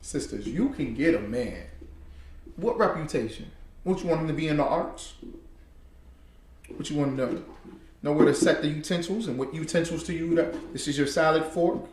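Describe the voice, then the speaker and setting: A man's voice: fairly high pitch, lively intonation, moderate pace, long pauses, a little mellow, echoey room, a little hiss or hum. A man giving heated, casual commentary. He repeats himself and talks straight to his listeners.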